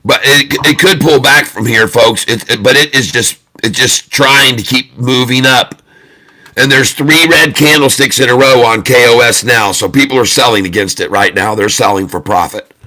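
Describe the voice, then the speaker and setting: A loud, excitable man hosting a live trading stream, with a bright, forceful tone. He hammers his points home by repeating them over and over. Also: mid-range voice. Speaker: day-trading livestream host.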